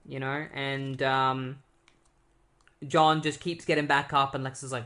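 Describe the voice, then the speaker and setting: A man at an ordinary mid pitch talks through a comic book plot in a loose, chatty way. His retelling is full of "like" and "um," and he briefly mimics the characters as he quotes them. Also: little pitch movement, pushed and bright. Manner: loose, filler-heavy retelling with lots of "like"; slips into quick quoted voices of characters. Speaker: podcast co-host. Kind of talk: casual comic book recap.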